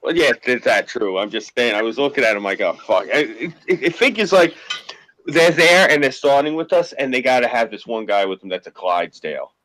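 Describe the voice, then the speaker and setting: A man's voice: medium pitch, fairly quick, fairly bright tone, slight background noise, rough recording. A man from Queens with a New York accent, hosting a casual online chat and telling brash, profane stories. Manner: brash storytelling, swears freely.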